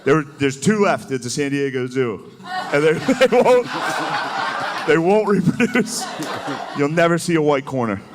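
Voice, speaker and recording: With a fairly high, animated voice and an unhurried pace, this stand-up comedian works a live audience amid background noise. He talks loosely, laughs at his own material, and drops into mocking voices as the crowd laughs.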